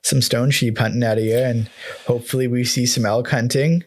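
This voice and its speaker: A man's voice: medium pitch, steady tone, brisk. A man in his thirties hosting a podcast, chatting casually and joking around with his guest, laughing often. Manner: laid-back, jokey, laughs often. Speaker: podcast host.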